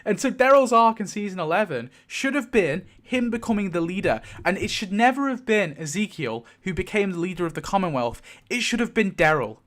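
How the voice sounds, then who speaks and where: A high-pitched man tears into a TV series, swearing freely and breaking into laughter as he rants. His voice sits well above the usual male range, and his delivery swings between loose chat and bursts of heat. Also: a little fast. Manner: heated, swearing, laughing, animated. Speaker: show host. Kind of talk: ranting TV commentary.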